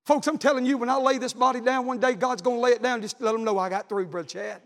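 A preacher with a strikingly high voice delivers his sermon in a rhythmic cadence. He stacks repeated phrases and rises toward shouting. The sound rings with a long church-hall reverb. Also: fairly even intonation, quick pace, hardly any pauses. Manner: builds from conversational to shouted, half-sung climaxes. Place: church sanctuary.

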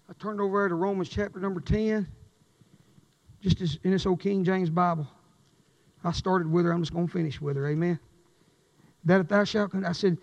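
A high-pitched preacher with a gravelly, fry-edged voice, delivering an impassioned sermon. He drops low and soft, then surges loud and emphatic. His words ring with the long reverb of a big church hall. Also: a little fast, long pauses. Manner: emphatic Southern preaching, swings from quiet to loud. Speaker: pastor. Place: church sanctuary.

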